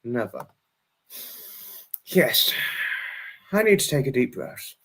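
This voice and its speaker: A man's voice: a little high, very animated, unhurried, a bit bright, husky. A man hosting a casual livestream, reading out comments and thanking viewers, rambling and apologetic, flaring into angry rants. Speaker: livestream host.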